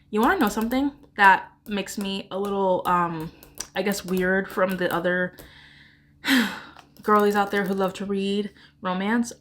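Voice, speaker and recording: A woman talks casually into a camera indoors, chatting as a book vlogger. She rambles, giggles and pokes fun at herself. Her voice sits at an ordinary middle pitch. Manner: rambling, self-deprecating, giggly. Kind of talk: casual chat.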